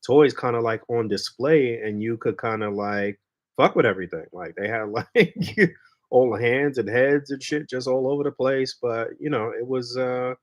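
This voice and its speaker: A man hosting a podcast, chatting in a relaxed, laid-back way, swearing freely and trailing off with fillers. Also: medium pitch, normal speed. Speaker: podcast host. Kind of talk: casual chat.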